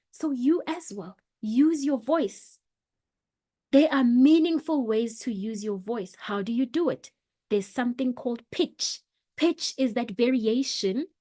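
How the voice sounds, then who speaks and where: A woman teaching how to pitch, speaking emphatically and varying her pace and pitch for effect. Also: warm tone. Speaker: presentation coach. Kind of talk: motivational lesson on pitching.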